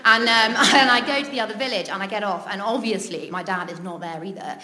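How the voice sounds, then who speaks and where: A British woman with a mid-range, pushed and bright voice talks fast as she tells a funny personal story. She's chatty, giggling often between lines and dropping in plenty of ums.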